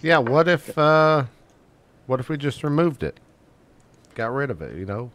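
Relaxed joking male player. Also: mid-range voice, unhurried, no echo. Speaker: player and show host. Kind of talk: casual role-play banter.

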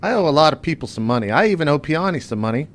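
A man's voice: on the high side, big pitch swings, racing, slight background noise, pitched above the performer's own voice. A man voicing a brash, crude male smuggler captain in a tabletop game, talking in a cocky, crude way.

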